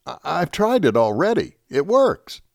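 A man's voice: on the high side, sing-song, a little slow, creaky, dry recording, studio quality, voice pushed up, exaggerated voice. A man voicing an eager young army lieutenant, earnest and stammering over his plan.

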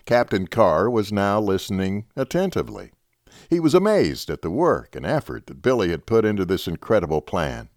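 Man narrating a story, very expressive pitch, dry close sound. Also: moderate pace, dry recording.

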